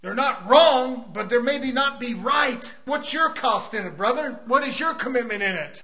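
A man's voice: very high-pitched, animated, moderate pace, few pauses, pushed and bright. A man preaching a fervent sermon at a church service, emphatic and full of rhetorical questions.

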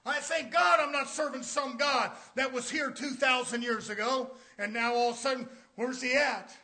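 High, bright-voiced fiery male preacher. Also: fairly even intonation, normal speed. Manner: fiery preaching, swings from shouting to near-whisper. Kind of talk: sermon.

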